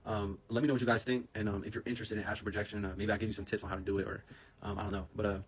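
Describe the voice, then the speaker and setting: A young man telling a personal story in a casual, excitable, rambling way, full of slang and fillers, into a phone camera. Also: lowish voice, racing.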